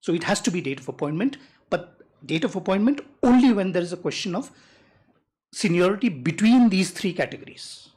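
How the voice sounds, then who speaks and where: Husky-voiced advocate arguing in court. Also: mid-range voice, lively intonation, a little mellow. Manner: measured, deliberate, reads rules aloud slowly. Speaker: advocate arguing before a judge. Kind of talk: courtroom legal argument.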